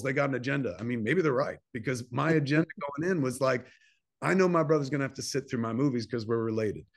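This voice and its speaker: In a casual interview, a filmmaker in his fifties from New Jersey tells a long story about his own life. His mid-range voice has a gravelly edge, and he swears freely and dramatizes quoted dialogue in animated bursts.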